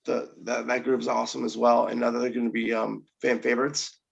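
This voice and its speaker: A male co-host with a gravelly, fry-heavy voice, loose and joking as he chats. He hesitates often between thoughts. His recording sounds muffled and lo-fi. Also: medium pitch, monotone, a little fast. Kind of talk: casual chat reviewing wrestling.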